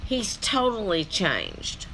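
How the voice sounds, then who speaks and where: Slow, lively-voiced woman rambling. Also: mid-range voice, a little hiss or hum. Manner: rambling, with many fillers. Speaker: reaction video host. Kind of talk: casual reaction commentary.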